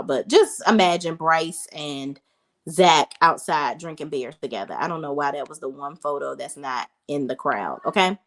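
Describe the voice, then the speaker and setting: A woman in her thirties giving a chatty, casual recap of a reality TV episode, talking straight to her viewers. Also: fairly low pitch. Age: 30s. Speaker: reality TV reviewer.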